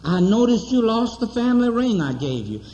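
A man preacher voicing an irritated, scornful father scolding his returning son, gruff and sarcastic, in a dull recording with a long hall echo. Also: high-pitched, sing-song, moderate pace, dark tone. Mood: stern.

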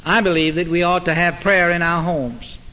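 A man pastor preaching a sermon in a measured, emphatic way, with dramatic pauses, in a large church sanctuary. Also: on the high side, fairly even intonation, sharp tone. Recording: long reverb of a church hall.

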